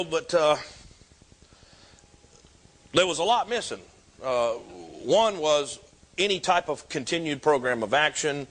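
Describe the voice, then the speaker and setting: A man in his fifties giving a personal recovery testimony, an animated storyteller with self-mocking humor. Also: a little high.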